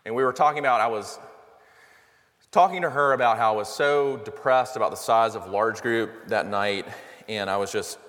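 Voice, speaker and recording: A man's voice: fairly low pitch, fairly bright tone. A man preaching a sermon in a conversational, earnest way, full of rhetorical questions. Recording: long reverb of a hall.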